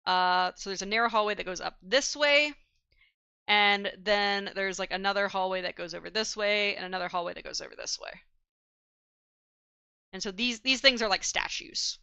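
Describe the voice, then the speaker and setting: A woman's voice: medium pitch, moderate pace, creaky, pushed and bright, clean tone, no room sound, lo-fi sound. A woman narrating as dungeon master, describing scenes with many fillers and hums as she checks her notes. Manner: hesitant, filler-heavy description, hums while looking up notes. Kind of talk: narrating a tabletop game.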